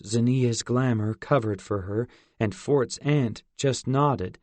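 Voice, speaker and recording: A man narrating a novel in an even storytelling manner. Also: medium pitch, takes it slowly, hardly any pauses, no room sound. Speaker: audiobook narrator. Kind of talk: scripted narration.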